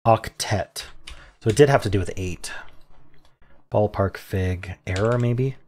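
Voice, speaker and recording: A man solving a crossword out loud, muttering clues and thinking aloud in an unsure, self-questioning way. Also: fairly low pitch, measured pace. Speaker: puzzle-solving video creator.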